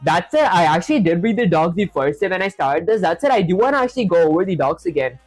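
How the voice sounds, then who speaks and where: A man's voice: sits high, lively intonation, quick pace, dry recording, soft background music. A man live-streaming while he codes, thinking aloud with lots of fillers and reading viewer chat aloud to answer it. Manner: thinks aloud, says "honestly" and "that said" often, filler-heavy.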